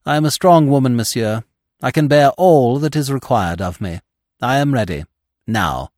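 A dignified, strong-willed widow from a classic mystery tale speaks in a raised, lifted register with wide swings of pitch, as a male narrator puts her on. She holds herself with proud composure. The sound is close and dry. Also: lively intonation, normal speed, a little mellow, dry recording, close to an everyday voice. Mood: resolute. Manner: dignified, emotional. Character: proud, resolute grieving older widow.

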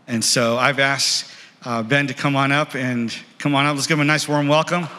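A man's voice: medium pitch, fairly even intonation, normal speed, sharp tone. A man leading a church service, introducing a guest speaker in a rambling, friendly way. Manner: rambling, friendly, full of fillers. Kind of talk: church announcements. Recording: reverberant church hall.

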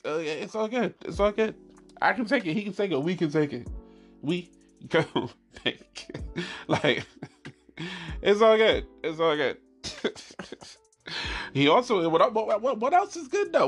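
A man telling a funny personal story in casual chat, animated and laughing often, swearing freely and repeating his punchlines. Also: high-pitched, unhurried, pauses often, breathy edge, faint music behind.

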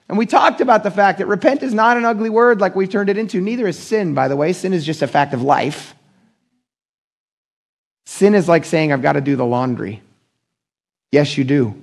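Male pastor, higher voice with gravel, talks to the congregation casually and acts out quotes with pitch jumps. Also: moderate pace, long pauses. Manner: conversational and animated, acting out quoted voices. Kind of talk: sermon.

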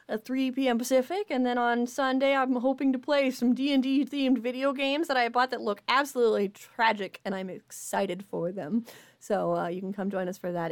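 A woman narrating as game master of a tabletop game, animated and laughing often. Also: fairly high pitch.

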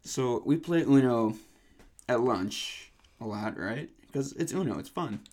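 A man's voice: medium pitch, lively intonation, measured pace, a little mellow. A teenage boy co-hosting a casual podcast chat, complaining in an exasperated, grumbling way. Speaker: podcast co-host.

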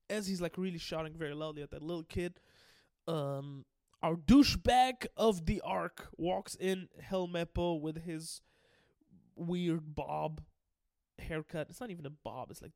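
A man's voice: on the high side, unhurried, creaky, long pauses, a little mellow, no echo, studio quality. A young man rambling through a casual story recap, restarting often, swearing and laughing as he goes. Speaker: video host.

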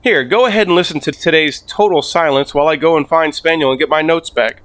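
A man playing a harried innkeeper who hosts the inn's show, with brisk, cheery announcer patter. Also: a little high, fairly bright tone, natural voice. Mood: breezy. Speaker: host. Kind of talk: hobby audio drama narration.

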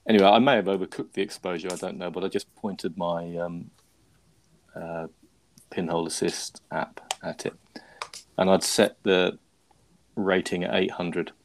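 Give me a podcast host with a low, gravelly voice telling a rambling, self-mocking story. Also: male voice, fairly even intonation, moderate pace, long pauses, a little hiss or hum. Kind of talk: casual chat.

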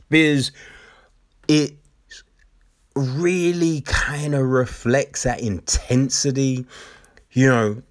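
Male film reviewer, mid-pitched, slow and emphatic, chatty retelling style. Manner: animated retelling with frequent "right?" and "like"; emphatic, repeats key phrases.

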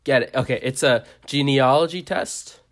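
A young man co-hosting a podcast, chatting casually and rambling through deadpan absurd jokes. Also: mid-range voice, moderate pace. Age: young adult. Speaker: podcast co-host. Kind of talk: casual comedic chat.

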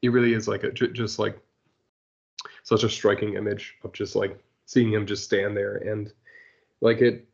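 A man co-hosting a casual podcast chat, talking haltingly with many "like"s and restarts. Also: on the low side, level tone, vocal fry, dull audio. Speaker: podcast co-host.

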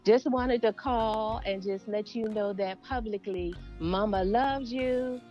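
A woman's voice: a little high, slow pace, a little mellow, highs cut off, soft background music. An older woman calling in to a live show, speaking in a tender, heartfelt way. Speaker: caller, guest's mother. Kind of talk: phoned-in tribute.

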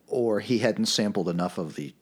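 A man co-hosting a podcast, chatting in a playful, animated way. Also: fairly low pitch, moderate pace. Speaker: podcast co-host. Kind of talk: casual chat.

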